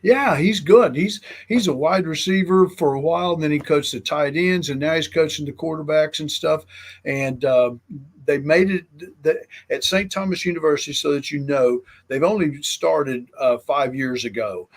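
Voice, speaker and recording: A man's voice: on the high side, moderate pace. A man in his sixties, a longtime football coach, talking as a guest in an earnest, rambling way with lots of fillers. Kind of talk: casual interview chat.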